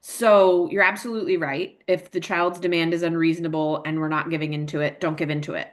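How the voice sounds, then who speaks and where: A woman's voice: low voice, flat delivery, fairly quick. Chatty woman leading a parent workshop. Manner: chatty, many fillers and tag questions; acts out emotions in quoted examples. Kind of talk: casual talk answering parent questions.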